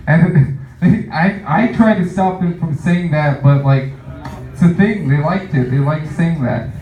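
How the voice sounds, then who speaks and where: Rambling young comic in an echoey room. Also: male voice, a little high, measured pace, a little mellow, soft background music. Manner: rambling, filler-heavy, self-amused. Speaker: stand-up comic. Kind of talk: stand-up comedy set. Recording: echoey room, distant muffled mic.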